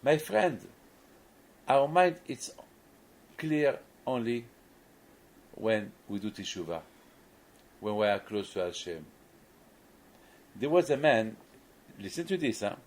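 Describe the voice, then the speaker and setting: A man's voice: medium pitch, very animated, slow pace, long pauses, darkish tone, poor audio. A man, a rabbi, gives a sermon and tells a story, often restarting and repeating words, in non-native English phrasing.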